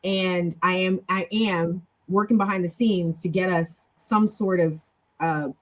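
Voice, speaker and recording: Middle-aged woman, live-stream host, casual chat, quick and lively, leaps up in pitch, corrects herself on the fly. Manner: animated and chatty, with big jumps in pitch and loudness; talks fast, with self-corrections. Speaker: show host and club leader.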